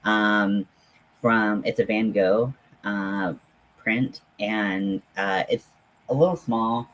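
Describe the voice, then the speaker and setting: A man hosting a casual livestream, chatting in a halting, friendly way with many pauses and fillers while talking to viewers at home. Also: lowish voice, fairly even intonation, a bit bright, a little hiss or hum, poor audio. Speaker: livestream host.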